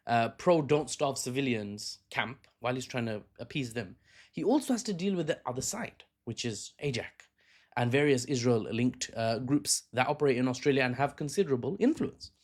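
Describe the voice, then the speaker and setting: Speaking in a mid-range voice, this man chats about politics informally, frequently correcting himself and throwing in jokes along the way.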